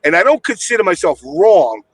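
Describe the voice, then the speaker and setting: A man's voice: high-pitched, big pitch swings, moderate pace, breathy edge, no echo, soft background music. A man in casual podcast chat, telling stories in a blunt, profane way.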